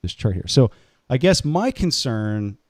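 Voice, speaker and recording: A man's voice: medium pitch, sing-song, a little slow, no echo, studio quality. A man hosting an interview, thinking aloud as he builds long questions. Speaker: interview host.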